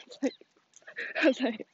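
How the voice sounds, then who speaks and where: A woman's voice: a little mellow, dull audio. A young woman chatting casually and rambling as she walks her dog outdoors, full of fillers and gossipy asides. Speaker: vlogger. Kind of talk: casual fake phone chat while walking. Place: outdoors on a neighborhood walk with a dog. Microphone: phone held while walking.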